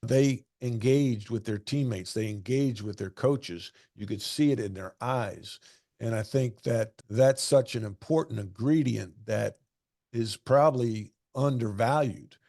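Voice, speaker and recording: A man's voice: medium pitch, a little slow, warm tone, no room sound, studio quality. A man in his sixties, a former basketball coach, answering interview questions with earnest anecdotes and repeating phrases for emphasis. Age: 60s.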